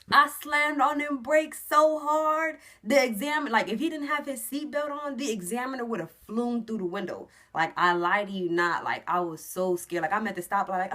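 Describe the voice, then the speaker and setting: Vlogging to camera, a young trucker spins a story in a casual, lively manner at normal speed. Her telling leaps into loud, high-pitched re-enactments and sinks into quiet asides.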